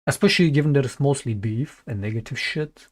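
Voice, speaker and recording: A man gives a casual, offhand reaction while streaming, cursing now and then and speaking straight to his viewers. His voice sits at an ordinary middle pitch. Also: a little fast. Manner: loose, swearing, talks to the chat.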